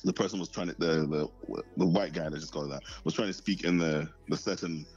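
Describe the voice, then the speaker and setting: Deep fast-talking man on a dull line. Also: steady tone, a little mellow, slightly rough. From northern UK. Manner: argumentative, playfully sarcastic. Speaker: guest. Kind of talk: casual podcast chat.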